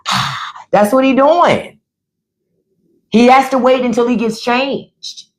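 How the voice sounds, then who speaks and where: A woman's voice: on the high side, slow. A middle-aged woman hosting a livestream of casual political commentary, blunt and profane, often mimicking the people she talks about. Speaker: livestream host.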